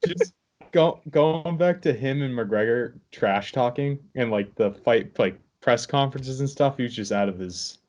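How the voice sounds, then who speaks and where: A man's voice: mid-range voice, measured pace, a little mellow. A man co-hosting a casual sports podcast, laid-back and opinionated, rambling through his points. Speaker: podcast co-host. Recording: dull lo-fi sound.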